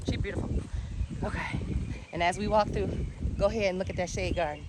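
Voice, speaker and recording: A woman giving a casual walk-and-talk tour of her backyard garden. She talks in an excitable, chatty way and drifts off topic easily. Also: medium pitch, fairly quick. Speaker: home gardener and channel host. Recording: outdoor noise with birds and passing traffic.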